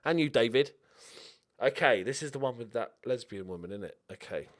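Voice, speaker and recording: Excitable, sweary man commentating a game. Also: medium pitch, fairly quick. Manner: excitable, sweary, jokey self-talk. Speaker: video game streamer. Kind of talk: let's play commentary.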